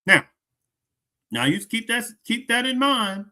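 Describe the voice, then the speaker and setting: A very high-pitched man with big pitch swings hosts a commentary show, unhurried yet bright and forceful. He reacts to a clip and repeatedly quizzes his audience with rhetorical questions over a streaming mic.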